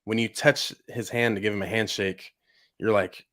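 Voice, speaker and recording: A young man hosting a podcast, chatting excitedly with lots of "like" and "bro". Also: on the low side, moderate pace, no room sound, clean studio sound. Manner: excitable, heavy use of "like" and "bro". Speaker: podcast host. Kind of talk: casual chat.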